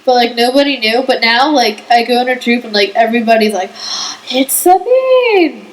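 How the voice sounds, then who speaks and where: A teenage girl co-hosting a podcast, telling stories in a lively way, saying "like" a lot and acting out what people said. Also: a little high, quick pace, low-quality recording. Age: teens. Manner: lively storyteller, acts out quotes, says "like" a lot. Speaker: podcast co-host. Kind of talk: casual chat.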